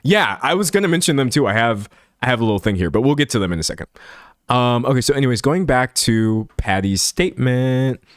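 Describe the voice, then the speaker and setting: A man's voice: medium pitch, expressive, brisk, no room sound. A man in casual live-stream commentary, talking in a chatty, self-correcting way as he reacts to comments. His voice sits in a middle register and is recorded on a dry close mic.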